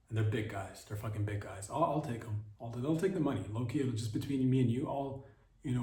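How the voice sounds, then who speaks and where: A man hosting a podcast, riffing through a deadpan comedic monologue that mimics a mock sales pitch. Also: brisk. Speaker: podcast host. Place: podcast studio. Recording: roomy echo, voice far from the mic.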